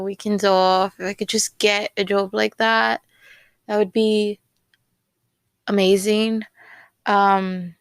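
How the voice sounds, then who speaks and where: A woman's voice: medium pitch, creaky, fairly bright tone, clear, resonant tone, no echo. A young woman hosting a casual solo podcast, rambling with many fillers and repeated words. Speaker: podcast host.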